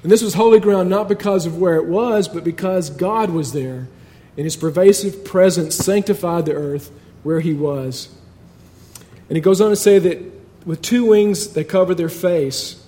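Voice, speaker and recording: A man's voice: high voice, moderate pace, mellow. A man preaching a sermon in a conversational but emphatic way, building points through repetition.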